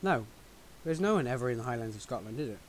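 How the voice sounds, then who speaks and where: A man's voice: medium pitch, animated, quick pace. A man co-hosting a casual podcast chat, full of teasing jokes and banter. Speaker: podcast co-host.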